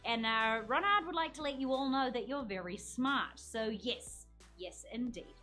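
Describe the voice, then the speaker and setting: A woman's voice: fairly high pitch, normal speed, bright, forceful tone, soft background music. A woman hosting a live online trivia game from an office studio, upbeat and chatty as she reads out viewer comments. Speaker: quiz show host.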